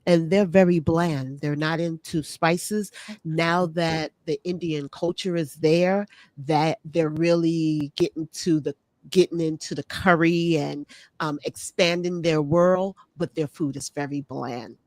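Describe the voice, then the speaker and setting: A woman with a low voice co-hosts a relaxed streamed talk show. She gives her travel opinions in a chatty, emphatic way. The sound is dry and close. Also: a little slow, no echo. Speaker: co-host. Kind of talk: casual travel review chat. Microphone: streamed call.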